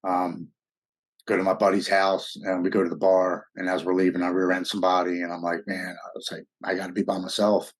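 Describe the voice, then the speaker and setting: A middle-aged American man telling his personal story as an interview guest, blunt, raw and profane. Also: low-pitched. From United States.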